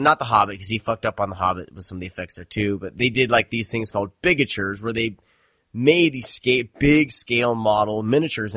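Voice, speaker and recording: A man's voice: mid-range voice, a bit bright, no room sound, clean studio sound. A man hosting a podcast, chatting casually in a rambling, profane, self-deprecating way. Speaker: podcast host. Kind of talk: casual chat.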